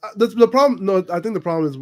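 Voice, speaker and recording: A man from Maryland holding his ground in a live debate, talking fast at a slightly raised pitch. He hedges and trips over his own words as he tries to make his point. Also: animated. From Maryland, USA. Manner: hesitant, hedging, restarts, chuckles under pressure. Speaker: debate guest.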